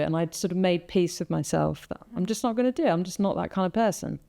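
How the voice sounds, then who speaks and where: A woman's voice: fairly low pitch, expressive, fast talker, creaky, few pauses, dark tone. A woman hosting a podcast, telling a personal story in casual conversation and acting out her own thoughts as she goes. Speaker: podcast host.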